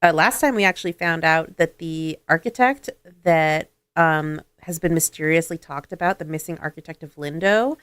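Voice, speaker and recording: A woman's voice: deep voice, normal speed, few pauses, fairly bright tone, clean tone, dry recording. A woman co-hosting a game stream, chatting casually and upbeat into a desk microphone.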